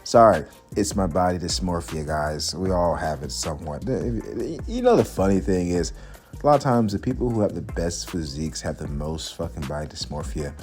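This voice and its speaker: Over soft background music, a young man's low, slightly mellow voice sounds very animated at normal speed. He's a fitness vlogger, upbeat and chatty, swearing freely as he talks casually mid-workout at the gym.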